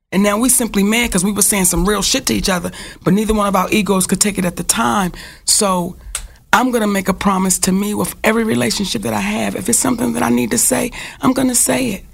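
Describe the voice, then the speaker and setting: A woman's voice: mid-range voice, steady tone, quick pace, vocal fry, slightly rough. Frank, profane woman co-host, telling heartfelt stories. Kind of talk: candid casual talk.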